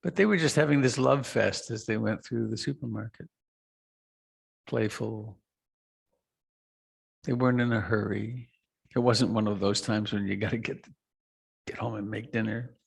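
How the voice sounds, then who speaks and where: A middle-aged man giving a reflective meditation talk, slow and soft, with long pauses and trailing lines. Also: medium pitch, creaky, slightly rough. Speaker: meditation teacher. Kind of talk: dharma talk.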